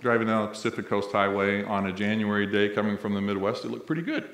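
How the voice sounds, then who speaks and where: Speaking quickly in a fairly low voice over some background noise, this middle-aged Missouri man is a college president giving a humorous ceremony address full of anecdotes. He works the audience with a chatty, storytelling manner, and the big indoor hall makes the sound echo.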